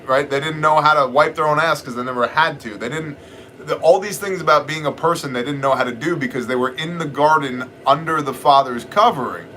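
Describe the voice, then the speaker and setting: Blunt, joking middle-aged male streamer, bright tone, faint room noise. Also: on the high side, fairly quick. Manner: blunt, joking, rambling asides. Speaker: livestream host answering chat questions. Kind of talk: casual live chat.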